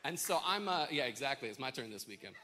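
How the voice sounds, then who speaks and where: Bright-voiced pastor telling a story. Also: male voice, medium pitch, fast, slight background noise. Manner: animated, self-mocking storyteller. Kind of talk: sermon with a personal story. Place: church service with congregation.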